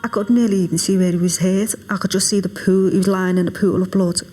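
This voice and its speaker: A woman, a grieving mother, recalling events quietly in a documentary interview. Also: medium pitch, fairly even intonation, fast, hardly any pauses. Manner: quiet, hushed recollection, drops to a whisper at times. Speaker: mother of the victim.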